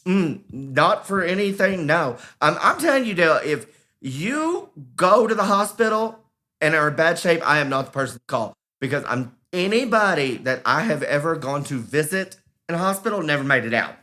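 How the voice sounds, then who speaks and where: Brief: man, podcast co-host, bright animated storyteller who acts out the quotes. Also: fairly high pitch, moderate pace. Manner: animated, acts out quoted voices, laughs while telling. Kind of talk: casual storytelling.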